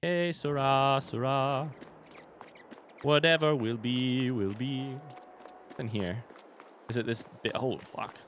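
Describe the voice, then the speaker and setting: A man's voice: medium pitch, steady tone, slow pace, slight background noise. Chatty young man streaming a game. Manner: chatty, talks to chat, swears casually. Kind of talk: casual live-stream gaming commentary.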